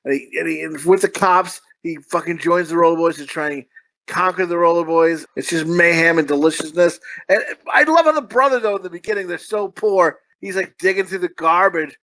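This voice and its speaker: A man co-hosting a podcast, whose high-pitched voice rambles through a casual movie review. His talk is full of swearing and quick bursts of laughter. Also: sharp tone, low-quality recording. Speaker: podcast co-host.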